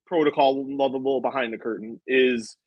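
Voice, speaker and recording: A man's voice: medium pitch, steady tone, moderate pace, no echo, highs cut off. A man in his thirties interviewing a guest, telling a long, rambling anecdote with lots of asides. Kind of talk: casual interview storytelling.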